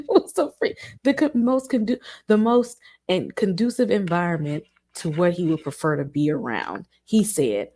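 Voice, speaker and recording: A woman's voice: lively intonation, normal speed, hardly any pauses, dark tone. Giggly woman acting out quotes. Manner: giggly, acts out quotes with rising pitch. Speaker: co-host reviewing a TV series. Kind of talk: casual review chat.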